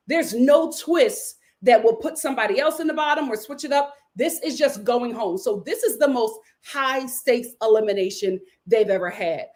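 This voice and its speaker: A young adult woman giving a sassy, emphatic live recap of a reality show, acting out the cast's lines in quick asides. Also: a little high, a little mellow. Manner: sassy, emphatic, quotes cast members in voices.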